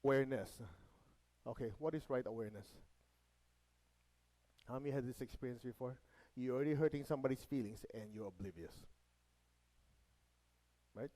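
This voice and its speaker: Mellow-voiced man teaching a group. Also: medium pitch, normal speed, pauses often, poor audio. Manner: checks in with the audience, asks them to repeat after him; light joking asides. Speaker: meditation teacher. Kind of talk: spiritual lesson to a live group.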